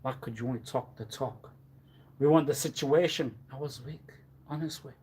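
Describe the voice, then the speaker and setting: Speaking at a normal pace with a medium pitch and a breathy edge, a man holds forth on a livestream. The monologue rambles theatrically, filled with rhetorical questions and threats, alternating hushed mutters with loud outbursts.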